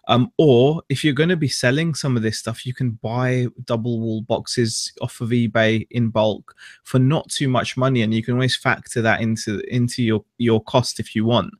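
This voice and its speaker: A man's voice: mid-range voice, steady tone, normal speed, no echo, clean studio sound. Laid-back man, full of ums. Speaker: co-host of a reselling livestream. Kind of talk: casual livestream chat.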